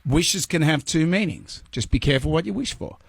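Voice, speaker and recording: A man's voice: a little high, lively intonation, brisk, vocal fry, slightly rough, no echo, voice pushed up, exaggerated voice. A man doing a laid-back Aussie genie. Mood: offhand. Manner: drawling, offhand.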